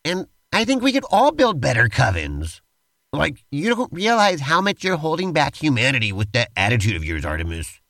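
A man's voice: fairly high pitch, huge pitch swings, moderate pace, a bit bright, dry recording. A man co-hosting a podcast, narrating a playful role-play and bantering with enthusiasm. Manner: enthusiastic, talky, uses "like" a lot. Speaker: podcast co-host.

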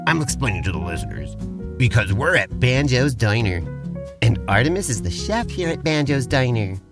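Gravelly, playful male podcast host. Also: medium pitch, very animated, moderate pace, over music. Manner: playful and theatrical. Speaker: podcast co-host and role-play narrator. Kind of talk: comedic improvised role-play.

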